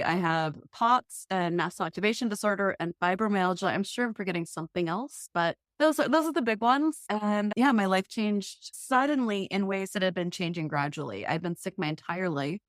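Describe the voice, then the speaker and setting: A woman's voice: medium pitch, no room sound, clean studio sound. A woman in her forties, a podcast guest, talking candidly and expressively about her life, often laughing at herself. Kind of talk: candid conversational interview.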